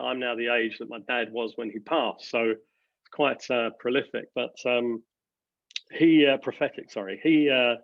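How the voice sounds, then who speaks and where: A man's voice: medium pitch, creaky, fairly bright tone, no echo. Earnest man, muffled dry sound. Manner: earnest, halting, many fillers and restarts. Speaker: company director. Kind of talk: reflective interview answers.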